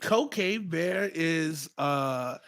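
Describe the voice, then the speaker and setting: A young man chatting on a podcast with a high-pitched voice that swings up and down a lot. He tells his stories in a loose, slangy way and laughs easily. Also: extremely slow. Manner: animated, laughing, slangy storyteller. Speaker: podcast co-host. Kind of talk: casual chat.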